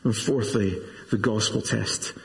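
A man in his forties, a pastor preaching a sermon in an earnest, measured way with self-deprecating asides. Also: lowish voice, fairly even intonation, creaky. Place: church. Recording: reverberant church hall.

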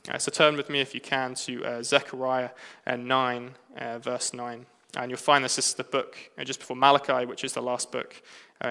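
A man with an English accent preaching a sermon, pausing often with "uh" between phrases. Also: mid-range voice, creaky, bright, forceful tone. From England. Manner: halting, frequent "uh" fillers. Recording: long hall reverb.

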